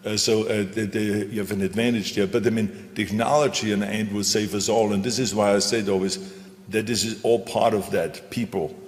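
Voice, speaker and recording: A man's voice: fairly low pitch, fairly even intonation, a little fast. A man speaking on a panel in an emphatic, repetitive, motivational way. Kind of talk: stage panel talk. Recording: reverberant hall.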